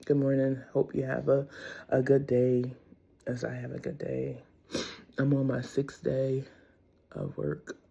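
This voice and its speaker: A woman's voice: extremely low pitch, completely flat delivery, measured pace, vocal fry, warm tone, slightly rough, lo-fi sound. A middle-aged woman vlogging a casual faith talk, candid and rambling with frequent laughs.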